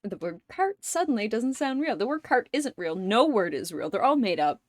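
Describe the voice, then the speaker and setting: A woman's voice: a little high, big pitch swings, normal speed, dry recording, clean studio sound. A woman streamer chatting casually with viewers, swearing freely, laughing often and rambling through anecdotes.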